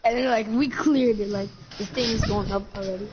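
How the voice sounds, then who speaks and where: A young woman improvising a role-play with a friend, excitable and repeating words as she jumps in. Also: on the high side, brisk. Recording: dull lo-fi recording with clear noise.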